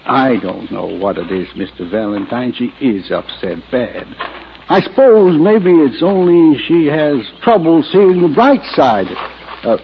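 A man's voice: mid-range voice, very animated, measured pace, a little hiss or hum. A man playing a folksy, worried farmer who talks hesitantly, in 1940s radio acting on an old radio recording. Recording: dull old radio broadcast with music.

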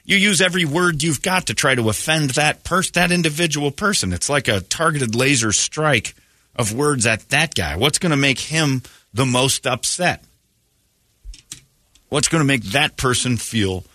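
Man, radio host, husky, dry studio sound, crude joking, rambling casual chat. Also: mid-range voice, animated, normal speed, pushed and bright, no echo.

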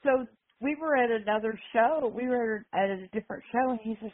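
A woman's voice: on the high side, a little fast. An older woman from Arkansas calls in to share stories, laughing often and acting out the people she talks about. Her voice comes through a tinny phone line. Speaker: caller. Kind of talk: casual phone-in storytelling.

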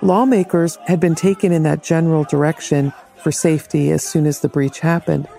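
A man reporting and analyzing events for a news program in a measured, explanatory way. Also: a little high, fairly even intonation, vocal fry, mellow, soft background music.

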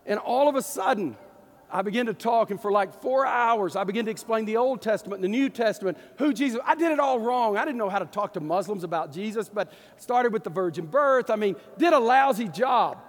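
A man from East Texas with an East Texas accent, a pastor telling a story in a folksy, animated sermon. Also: high-pitched, a little fast, big-room sound. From East Texas, USA.

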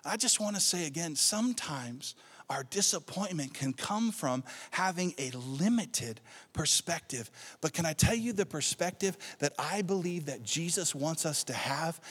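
A male pastor preaching a sermon to his congregation, calling out for responses and building excitement. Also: a little high, measured pace, husky. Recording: long hall reverb.

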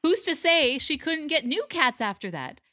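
A woman from the United States with a bright, forward voice co-hosts a podcast. She talks about a film in a relaxed, chatty way and laughs often. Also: sits high, normal speed, dry recording, studio quality. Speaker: podcast co-host. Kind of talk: casual movie discussion.

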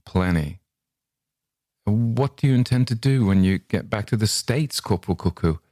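A battle-worn corporal with a New York accent drawls short, curt answers in a languid way, voiced by a man reading a story aloud. His voice sits very low. It sounds close and dry, with no room around it. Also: expressive, normal speed, dark tone, no echo, lightly acted. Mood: laconic. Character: curt, weary, scarred American army corporal.

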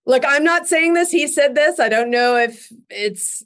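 A woman's voice: high voice, animated, unhurried, a bit bright. A middle-aged woman, a guest actress in a casual interview, telling stories and laughing often.

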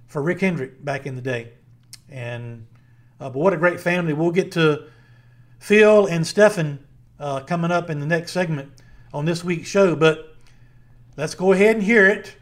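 A middle-aged man with a Southern Virginia accent, co-hosting a casual podcast chat in a rambling, friendly way with many fillers. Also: fairly high pitch. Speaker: podcast co-host.

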